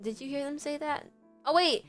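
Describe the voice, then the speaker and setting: A woman's voice: high voice, normal speed, soft background music. A young woman from Puerto Rico chatting casually on a livestream, giggly and rambling with lots of fillers. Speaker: streamer.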